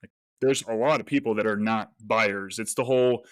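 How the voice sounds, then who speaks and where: A man, a real estate agent, telling stories as a podcast guest in a lively, casual way and acting out the lines he quotes. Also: fairly low pitch, normal speed, smooth, no room sound. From United States. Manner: animated storyteller, acts out quoted voices. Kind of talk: casual interview talk.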